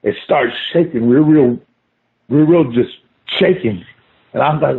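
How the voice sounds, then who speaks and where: A man's voice: medium pitch, a little slow. Man telling a story over a tinny phone line. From Oklahoma. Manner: animated, swears, says "man" often. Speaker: guest telling an encounter story. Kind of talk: casual storytelling. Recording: phone-line call audio.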